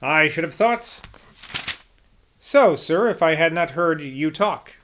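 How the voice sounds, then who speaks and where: A man reading the lines of a blunt, forceful old male scholar in an audiobook, with emphatic, sardonic delivery. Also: fairly high pitch, lively intonation, slow. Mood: dry.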